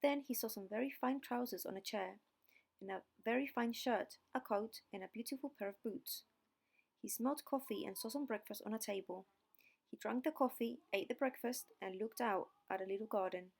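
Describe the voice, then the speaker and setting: A woman narrating a fairy tale slowly and clearly for English learners. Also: on the high side. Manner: slow, deliberate reading. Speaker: audiobook narrator.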